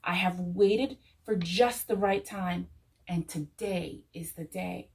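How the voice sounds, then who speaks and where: A kind, gentle farmer speaks calmly and reassuringly, as a woman storyteller reads his lines. He is warm-hearted and patient, a figure in a children's picture book. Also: fairly low pitch, slow pace, creaky, far from the mic. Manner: calm and reassuring.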